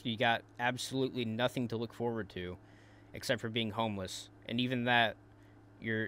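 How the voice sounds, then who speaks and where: Male commentary host, mocking and profane, mid-pitched everyday voice, stumbles over repeats. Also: fairly bright tone, slight background noise. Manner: taunting, crude, repeats words in bursts.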